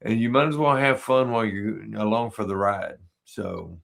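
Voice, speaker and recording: A man's voice: fairly low pitch, expressive, normal speed, vocal fry, a bit bright. A man hosting a podcast interview who tells joking stories in a casual way and often laughs at them. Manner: joking storyteller, laughs at his own stories. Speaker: podcast host.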